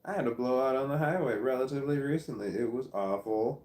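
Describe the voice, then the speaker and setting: A Midwestern American man fires off a fast, meandering, self-deprecating vlog monologue that keeps losing its thread. His mid-range voice has a darkish tone, and the nearby phone or camera captures a roomy sound.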